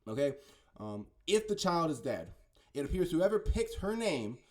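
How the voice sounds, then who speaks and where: This man's slightly high voice has a sing-song lilt and a moderate pace. He's a conspiracy commentator giving a casual, meandering monologue, insisting on his points, often stumbling, and tossing in "right?" and "okay?" again and again.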